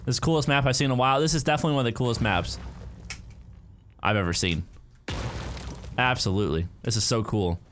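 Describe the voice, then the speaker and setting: A young man giving live commentary while playing a game, excitable and quick to cheer and yelp at close calls. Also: medium pitch, a little hiss or hum. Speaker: gaming streamer.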